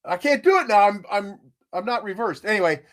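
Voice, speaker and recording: An older man with a slightly raised pitch tells a homey story at an easy, rambling pace. He talks in a folksy, relaxed way, chuckling often as he goes. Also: brisk. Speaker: podcast co-host. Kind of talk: casual chat.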